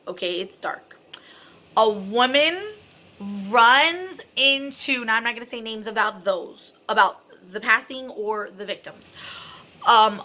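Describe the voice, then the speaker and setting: Bright-voiced chatty woman telling a story. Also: on the high side. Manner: chatty and dramatic, many fillers, self-described extra. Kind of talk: casual storytime vlog.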